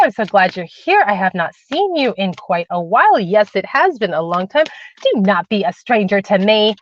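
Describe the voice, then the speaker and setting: A woman hosting a spiritual livestream and reading tarot, talking casually and warmly to viewers, repeating phrases for emphasis. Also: medium pitch. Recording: dull, lo-fi, dry livestream audio.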